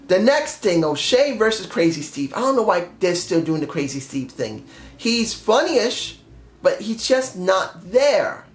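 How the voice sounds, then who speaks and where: Blunt man reviewing wrestling, echoey room. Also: high-pitched. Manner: blunt, offhand, occasional swearing. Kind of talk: casual opinion review.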